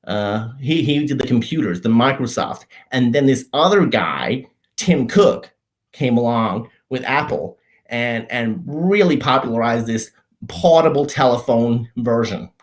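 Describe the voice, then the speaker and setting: Deadpan man hosting a mock-earnest comedy show. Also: medium pitch. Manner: deadpan, faux-earnest explaining of obvious things; halting, frequent restarts and self-corrections. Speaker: show host.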